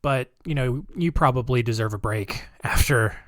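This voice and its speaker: A man's voice: mid-range voice, normal speed, a bit bright, dry recording. Male podcast host, casual narration, sarcastic, dry close-mic sound. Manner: chatty, sarcastic asides.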